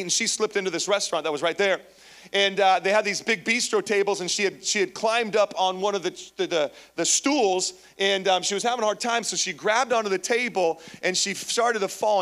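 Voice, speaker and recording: High-voiced pastor preaching animatedly. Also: male voice. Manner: animated storytelling, calls out to the congregation. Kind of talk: sermon. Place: church, before a live congregation.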